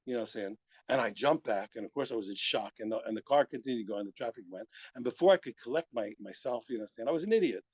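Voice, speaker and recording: A man teaching a lively Talmud class to students, talking emphatically and firing off rhetorical questions. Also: medium pitch, fast, hardly any pauses, husky, no room sound.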